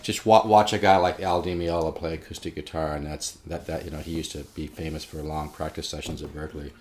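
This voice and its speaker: A man's voice: very deep voice, fairly even intonation, a little fast, darkish tone, slight background noise. A man giving a casual guitar lesson, rambling with restarts and stressing his points. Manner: rambling, restarts, emphatic about practice. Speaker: guitar teacher. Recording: faint guitar playing behind.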